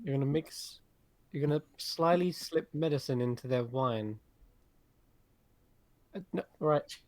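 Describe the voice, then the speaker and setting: A man's voice: a little high, a little slow, darkish tone. Wry man playing a tabletop game. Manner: wry, dry humor. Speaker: player. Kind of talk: casual tabletop play.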